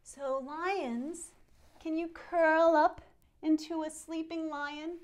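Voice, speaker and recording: Playful, slow-talking kids yoga teacher woman. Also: high voice. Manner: playful, animated storytelling with gasps and exclamations; encouraging, talks directly to young children. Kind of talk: guided kids yoga lesson.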